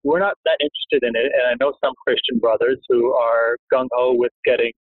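A man's voice: medium pitch, fairly even intonation, fairly quick, breathy edge, no echo. A man from Canada calling into a radio show, talking in a joking, laid-back way. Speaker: caller. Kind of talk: casual phone call. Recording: tinny phone line.

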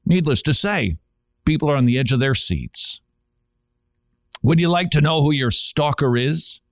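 A man's voice: mid-range voice, big pitch swings, unhurried, no echo. A man, preaching to the listener on a podcast and pressing the point with rhetorical questions. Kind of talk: preaching-style podcast talk.

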